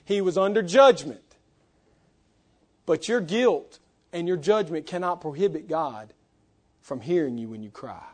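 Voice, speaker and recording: A male pastor preaching a sermon in church, swinging between loud emphasis and hushed, low passages. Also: expressive, unhurried, long pauses.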